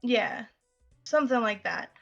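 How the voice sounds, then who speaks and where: Lady gm narrating a tabletop game, slow and easy with lots of ums, kinda high voice. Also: gravelly, muffled recording, faint music behind. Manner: relaxed, filler-heavy narration. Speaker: game master.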